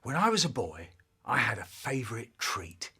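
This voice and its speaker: A man's voice: mid-range voice, sing-song, normal speed, sharp tone, slightly rough. A man telling comic stories in a playful, exaggerated way. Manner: exaggerated, playful, does funny voices. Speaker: storyteller. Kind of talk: animated comic storytelling, remixed clips.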